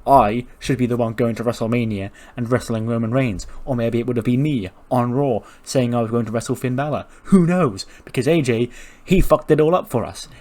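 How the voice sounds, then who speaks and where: A man voicing a cocky male wrestler who hosts his own talk show, loud and full of bluster. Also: mid-range voice, fairly quick, few pauses, natural voice. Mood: brash. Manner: loud, brash, showman bluster.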